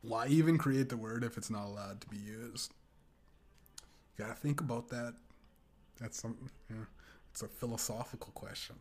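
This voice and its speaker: A man's voice: mid-range voice, moderate pace, long pauses, darkish tone. Crude rambling man on a podcast. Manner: crude, rambling, laughs often. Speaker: podcast host. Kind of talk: casual podcast rant.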